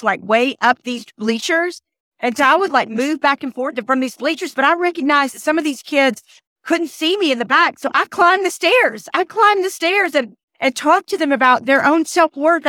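A woman's voice: high-pitched, fairly bright tone, dry recording, studio quality. A passionate woman, stuffy and nasal from a cold, telling a personal story on her podcast with emphatic repeats. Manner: emphatic, repeats phrases, restarts often. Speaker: podcast host and motivational speaker. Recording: outdoors in rain.

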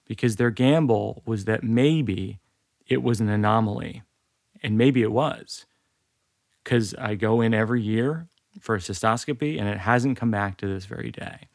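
A man's voice: on the low side, a little slow, gravelly, no echo, clean studio sound. A man in his forties telling a personal story in a candid, wry, self-deprecating way. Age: 40s.

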